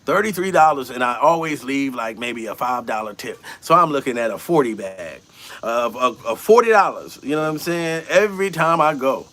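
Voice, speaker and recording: A man doing a comedic, profane rant, incredulous and animated, laughing often as he talks. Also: medium pitch, normal speed. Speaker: comedian commentator.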